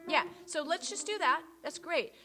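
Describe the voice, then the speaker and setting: A woman's voice: high-pitched, expressive, normal speed. A woman directing a choir rehearsal, counting beats aloud and singing parts to show them, encouraging and patient. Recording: rehearsal room with piano behind.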